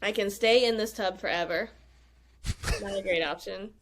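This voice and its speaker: A woman's voice: mid-range voice, normal speed, a little hiss or hum. A woman, a podcast guest, telling a personal story in casual talk and acting out her own past lines. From United States.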